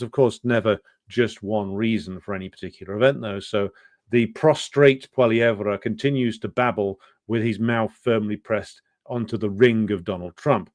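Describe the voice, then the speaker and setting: A man's voice: on the low side, no echo, studio quality. A man hosting a political commentary show, talking in a loose, unscripted way with lots of fillers, scornful and profane asides.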